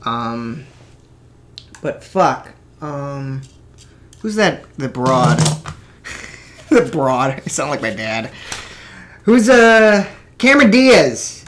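A man's voice: a little high, very animated, very slow, long pauses, fairly bright tone, a little hiss or hum. A man in his twenties rambling to himself into a desk microphone while building a toy kit, cracking jokes and swearing as he goes. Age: 20s. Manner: mutters and swears to himself, jokey asides. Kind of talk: rambling casual monologue.

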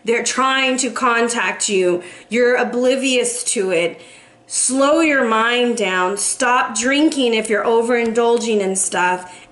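A woman's voice: fairly high pitch, noisy background. A woman in her forties giving a casual tarot reading for viewers, earnest and emotional, sighing between messages. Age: 40s. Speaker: tarot reader.

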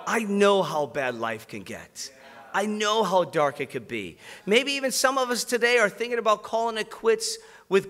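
A man's voice: sits high, lively intonation, moderate pace, a bit bright, big-room sound. A man preaching a sermon, moving from a personal testimony to fervent calls to his congregation. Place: large church hall.

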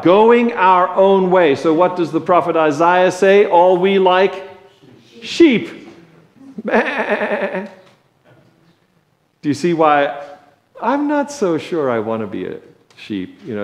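Guy preaching in a church, chatty and jokey, takes it slow, lots of room echo. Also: a little high. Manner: conversational, joking, slow deliberate delivery. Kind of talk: sermon. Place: church sanctuary. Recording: echoey church sanctuary.

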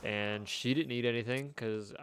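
This young man's steady, mid-range voice moves at a normal speed against a noisy background, including faint video game gunfire. He's streaming a game and casually chatting, telling a long rambling story with chuckles along the way.

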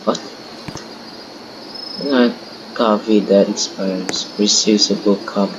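A young man with a Filipino accent gives rambling, self-mocking, excitable commentary while playing a game. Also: lowish voice, takes it slowly, highs cut off. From Philippines. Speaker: gameplay streamer. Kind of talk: casual gameplay commentary. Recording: noisy home recording with crickets and traffic.

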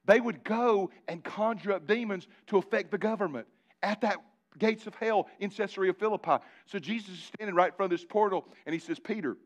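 A man preaching a live sermon in church, animated and joking with his congregation, calling on them directly. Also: high-pitched, brisk. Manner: animated, talks directly to the congregation with asides and jokes. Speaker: pastor. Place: church sanctuary before a congregation.

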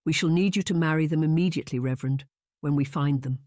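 Narrator voicing a calm, pragmatic gentleman. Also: mid-range voice, no echo, clean studio sound, lightly acted. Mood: measured. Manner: careful, measured, quiet. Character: calm, pragmatic middle-aged gentleman father. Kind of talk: audiobook character voice.

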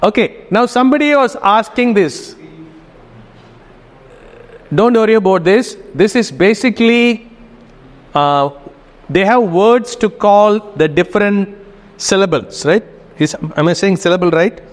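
A man's voice: high-pitched, measured pace, long pauses. A man giving a casual classroom lecture, often checking in with his students. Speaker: teacher. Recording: reverberant hall.

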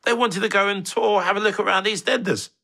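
A man's voice: sits high, steady tone, a little fast, gravelly. A man in an interview telling a running joke in a knowing, jokey way. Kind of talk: reminiscing interview.

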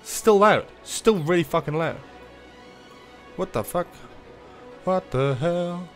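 A man's voice: on the high side, slow pace. Guy streaming a city builder, swears a lot, jokey and self-mocking, some faint music under him. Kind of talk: casual gaming livestream commentary.

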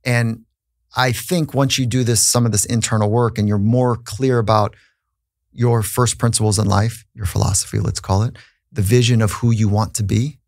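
A man's voice: mid-range voice, fairly even intonation, normal speed, darkish tone, dry recording, studio quality. A man who is a psychologist, telling a personal story in an earnest, reflective way on a podcast, with frequent restarts.

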